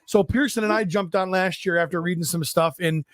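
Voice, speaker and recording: Higher-pitched man rambling casually. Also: fairly quick, noisy background. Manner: rambling, self-deprecating storyteller. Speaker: podcast co-host. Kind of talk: casual chat.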